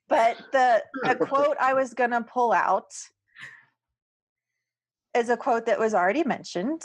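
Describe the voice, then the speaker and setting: A woman's voice: a little high, a little slow, long pauses, noisy background. A woman co-hosting a podcast roundtable, speaking earnestly and close to tears, often repeating words. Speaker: podcast co-host. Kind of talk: emotional roundtable chat.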